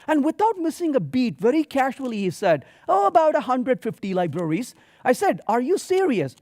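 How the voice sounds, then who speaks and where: A man giving a software conference talk, telling stories with quoted dialogue in an animated way. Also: very high-pitched, no room sound, studio quality. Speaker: conference speaker. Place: conference hall stage.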